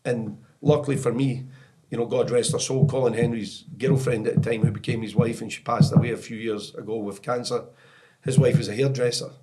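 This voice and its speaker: A middle-aged Scottish man with a voice of ordinary pitch talks as a podcast guest. He tells his stories in a meandering way, leaning on "you know" and starting sentences over. He laughs easily as he talks. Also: fairly even intonation, brisk, mellow, a little hiss or hum. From Scotland. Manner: rambling anecdotes full of "you know" and restarts, often laughing. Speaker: podcast guest, soccer technical director. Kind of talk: storytelling podcast interview.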